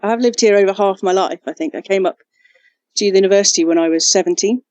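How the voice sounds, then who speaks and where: A woman's voice: mid-range voice, quick pace, a little mellow, no echo. Cheerful English woman guest on a podcast. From England. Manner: cheerful, laughs often, some restarts. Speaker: guest, junior doctor. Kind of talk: casual interview chat.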